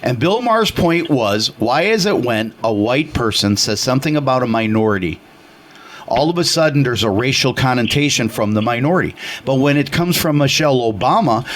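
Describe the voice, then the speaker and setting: A man's voice: mid-range voice, very animated, moderate pace. A man hosting a casual political talk radio show, telling stories in a rambling, opinionated way with lots of fillers.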